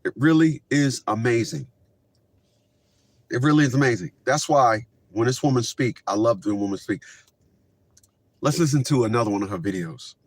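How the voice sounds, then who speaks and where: A man hosting a commentary show, reacting to clips in a casual, animated rant. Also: mid-range voice, brisk, no echo. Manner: animated, rising to shouts when worked up.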